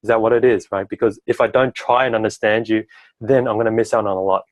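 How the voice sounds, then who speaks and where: A man's voice: lowish voice, steady tone, fast, no echo, rough recording. A man working as a relationship coach, talking at length in an advice-giving conversation and often tagging his sentences with "right?". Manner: talkative, tags sentences with "right?".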